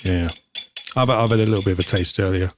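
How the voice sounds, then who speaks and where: Casual chat from a whisky show co-host: a man with a low voice speaking fast, explaining in a rambling way full of ums. Background noise can be heard.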